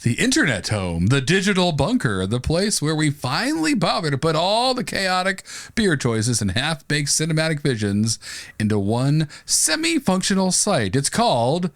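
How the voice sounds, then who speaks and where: Theatrical, lively male podcast co-host. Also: a little high, normal speed, no echo, clean studio sound. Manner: theatrical, laughs easily. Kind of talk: comedic scripted banter.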